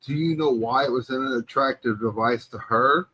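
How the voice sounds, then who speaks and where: A man's voice: mid-range voice, normal speed, bright, forceful tone, breathy edge, poor audio. A man co-hosting a podcast, debating a movie in casual chat and pressing his point. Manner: emphatic, argues his point. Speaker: podcast co-host.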